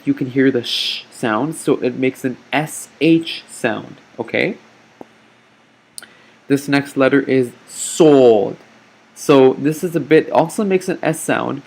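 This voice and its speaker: A man teaching a recorded lesson over slides, patient and slow, often checking in with "okay?". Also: medium pitch, vocal fry. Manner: patient, explains slowly, frequent "okay?" check-ins.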